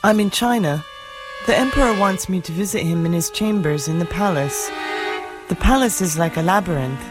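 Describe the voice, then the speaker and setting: A woman's voice: lowish voice, normal speed, lightly acted. An actress playing a woman who recounts her dream in a plain, matter-of-fact way. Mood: dreamy. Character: adult woman telling her dream, indignant. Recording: music playing behind.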